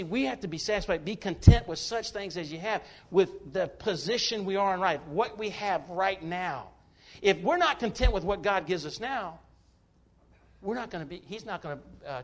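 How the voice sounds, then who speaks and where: A man's voice: high-pitched, expressive, normal speed. A man delivers a sermon. He preaches in an emphatic, folksy way, breaking into jokes between quoted verses. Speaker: pastor.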